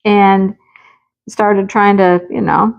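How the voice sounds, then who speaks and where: A woman craft vlogger at her rural home, telling a lively anecdote in a casual chat, often laughing. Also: medium pitch, slow, creaky, muffled recording.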